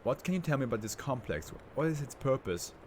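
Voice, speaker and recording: A man voicing a male researcher who asks plain, measured questions. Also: mid-range voice, very animated, a little mellow, a little hiss or hum, close to an everyday voice. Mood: calm. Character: calm male researcher interviewing an anomaly.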